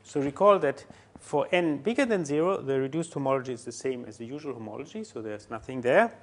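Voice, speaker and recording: A man giving a university mathematics lecture, halting often with fillers and restarts as he works through a proof. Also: medium pitch, animated. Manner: halting, many fillers and restarts while writing.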